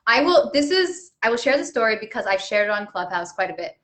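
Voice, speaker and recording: A woman actor chatting casually on a live stream, telling animated stories and laughing at herself. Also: a little high, quick pace. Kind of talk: casual chat. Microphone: webcam on a live stream.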